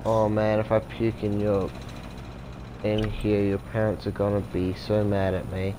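A man's voice: lowish voice, completely flat delivery, a little slow, noisy background, lightly acted. A man voicing a drunk, clumsy young female cat in a video game, rambling and apologetic. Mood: sloppy.

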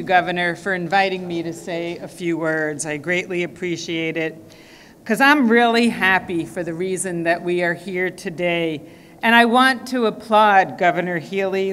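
A woman's voice: on the low side, fairly bright tone, a little hiss or hum. A woman senate president giving an emphatic, formal speech at a press conference. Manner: emphatic, stresses key words. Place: government press event room. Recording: reverberant hall.

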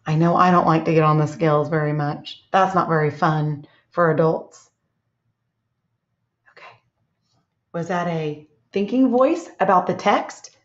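A woman teacher giving a read-aloud lesson to young children, speaking gently and expressively and asking them questions. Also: fairly low pitch. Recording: echoey room, dull lo-fi sound.

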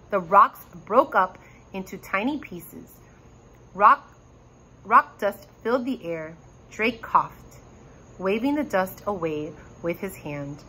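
A woman reading a children's chapter book aloud with expressive, animated storytelling. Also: mid-range voice, takes it slowly, husky, rough recording. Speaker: reader.

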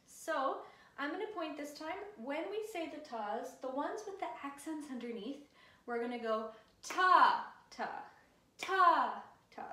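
In a whiteboard classroom, a woman music teacher with a high-pitched voice leads children through an encouraging lesson, counting and chanting along with them. The mic sits far from her, so her voice comes from afar in an echoey room.

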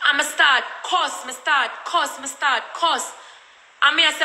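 A woman's voice: high-pitched, slow, sharp tone, roomy sound, poor audio. A woman with a Jamaican accent telling a story in a blunt, repetitive, cussing rant. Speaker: vlogger.

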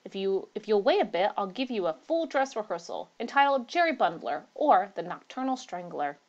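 A woman's voice: medium pitch, big pitch swings, moderate pace, muffled recording. Woman reading as an eager, cocky young man. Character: boastful young man fond of amateur acting.

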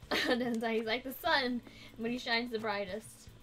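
Young woman cohost, super high voice, teasing and laughing a lot. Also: fairly even intonation, slow, a bit bright. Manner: playful, teasing, laughs between lines. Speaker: livestream co-host. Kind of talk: casual gaming stream chat.

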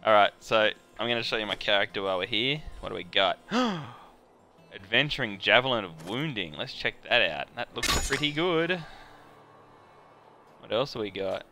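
A man streaming a game live on a headset, chatting casually in an excitable, joking, self-deprecating way. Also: lowish voice, moderate pace, slight background noise.

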